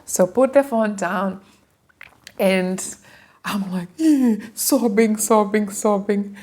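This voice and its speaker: A woman's voice: medium pitch, slow pace. A woman in her thirties from Kenya with a Kenyan accent, telling her life story in a casual, emotional way to her viewers. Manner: animated, emotional, addresses viewers as guys.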